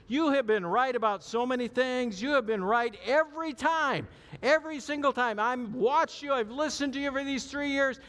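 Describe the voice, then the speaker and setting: A man voicing a boastful, overconfident disciple who insists loudly he will never fail. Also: very high-pitched, pitched above the performer's own voice. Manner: insistent, protesting, cocky. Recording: long hall reverb.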